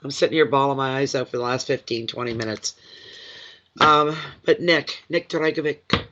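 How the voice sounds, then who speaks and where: Streaming live, a man talks through tarot cards in a chatty, rambling, emotional way while nursing a cold and a runny nose. He speaks at normal speed in a mid-range voice with a bright, forceful tone, and the stream audio is dull and lo-fi.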